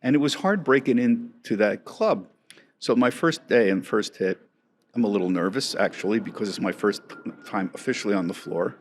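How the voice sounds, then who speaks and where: A man's voice: fairly low pitch, animated, normal speed, slight background noise. A man in his sixties telling stories as an interview guest, chatty, often laughing, with many restarts. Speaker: guest, markets correspondent. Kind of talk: storytelling interview chat.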